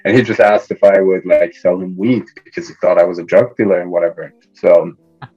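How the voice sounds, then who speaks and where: A young man from Iran chats easily as a podcast guest. His voice sits fairly low, and he laughs now and then. The audio is a little dull, with faint music underneath. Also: a little fast. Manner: relaxed storyteller, laughs often. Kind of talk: casual interview chat.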